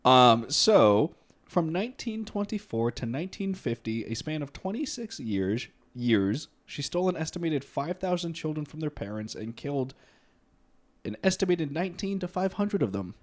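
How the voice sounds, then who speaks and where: Young male podcast co-host, animated delivery, loose and profane storytelling. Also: a little high, normal speed. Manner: laid-back, swears freely, laughs often. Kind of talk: casual comedic history storytelling.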